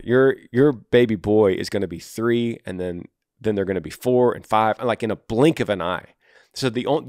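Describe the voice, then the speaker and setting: A man's voice: medium pitch, a little mellow, no echo, studio quality. A middle-aged man hosting a podcast, giving casual, encouraging advice and talking to the listener like a buddy. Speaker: podcast host. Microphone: close podcast microphone.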